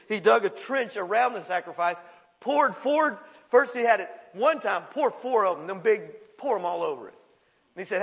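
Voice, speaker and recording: Male pastor, folksy storytelling sermon, high voice, gravelly, long church reverb. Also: normal speed. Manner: folksy, animated storytelling with laughs and paraphrase.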